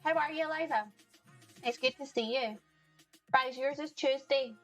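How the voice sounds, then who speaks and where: A fairly high-pitched woman chats easily with her viewers during a live cooking stream at home, greeting people by name and laughing often. Faint music plays softly behind her. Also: normal speed, poor audio. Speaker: livestream cooking host. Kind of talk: casual chat with viewers while cooking. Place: home kitchen.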